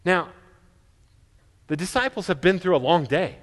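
A man's voice: sits high, lively intonation, moderate pace. A man preaching a sermon as pastor, earnest, with frequent stammered restarts. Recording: long reverb of a large hall.

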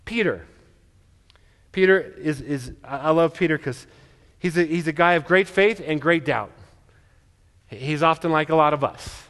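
Brief: earnest male preacher, stammered restarts, high-set voice, long reverb of a large hall. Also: measured pace, pauses often, fairly bright tone. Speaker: pastor. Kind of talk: sermon.

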